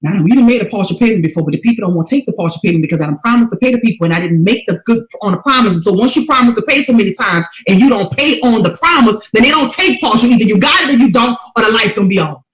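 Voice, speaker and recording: Lady giving a fired-up testimony, kinda high voice, echoey room, goes from quiet to loud. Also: animated, racing, few pauses. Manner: emphatic, preacher-like, swings from hushed to loud. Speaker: motivational speaker. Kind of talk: testimony-style motivational talk.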